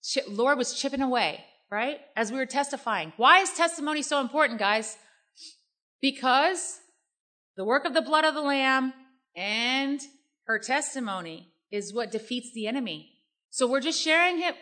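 Bright high-voiced woman preaching. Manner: preaching with call-and-response "amen" and "right?". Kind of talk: sermon.

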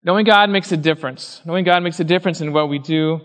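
A fairly high-voiced man preaching in a church hall. He tells a story and acts out the people in it, and his voice rings with long reverb. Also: fast talker, fairly bright tone. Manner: storytelling, acting out quoted voices. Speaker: pastor. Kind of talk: sermon with personal story.

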